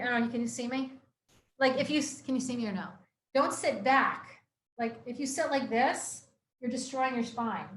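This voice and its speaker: A young adult woman speaks to a room of listeners about health. Her voice sits a touch on the high side, and she talks in a casual, earnest way, circling back, repeating points and leaning on fillers. It sounds like a live community talk, not a script. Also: fairly bright tone. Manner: casual, earnest, repeats herself with many fillers like "like" and "you know". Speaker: chiropractor giving a health talk. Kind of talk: informal health talk to an audience.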